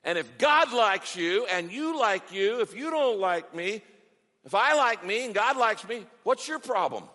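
Male preacher, middle-aged, bright forceful tone, emphatic repeated phrases. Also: high-pitched, animated, a little slow. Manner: emphatic, repetitive preaching cadence. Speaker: pastor. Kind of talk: sermon. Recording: long reverb of a large hall.

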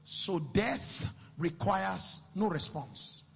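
A man preaching a sermon in a sing-song cadence that swells into shouts, repeating phrases and questioning the congregation. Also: high voice, expressive, drawn-out words, gravelly, breathy edge. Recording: long reverb with faint music.

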